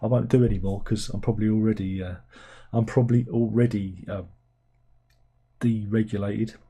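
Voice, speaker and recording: A man hosting a livestream, rambling sardonically through viewers' comments with sudden incredulous squeaks. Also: fairly even intonation, moderate pace, warm tone, slightly rough. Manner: rambling, sardonic, with incredulous high-pitched outbursts. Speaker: livestream host reading chat. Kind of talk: casual chat.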